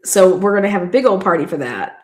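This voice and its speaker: A woman's voice: lowish voice, lively intonation, fast talker. A woman hosting a show who rambles through casual stories, swearing freely and laughing often. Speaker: host. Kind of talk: casual storytelling.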